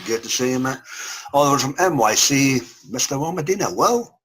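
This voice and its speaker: A man's voice: mid-range voice, lively intonation, fairly quick, a bit bright, a little hiss or hum. A man hosting a casual review chat over a video call, jokey and chummy, calling his guests mate. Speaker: podcast host.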